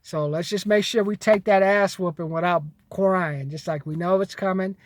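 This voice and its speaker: A man's voice: sits high, steady tone, normal speed, slight background noise. A man giving blunt, profane money advice in a casual monologue to camera.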